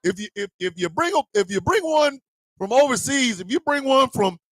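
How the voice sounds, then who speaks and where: A man hosting a radio morning show, telling a profane comedic rant in a loud, animated way. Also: extremely high pitch, moderate pace, no room sound, clean studio sound. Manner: loud, animated, profane storytelling with mock voices.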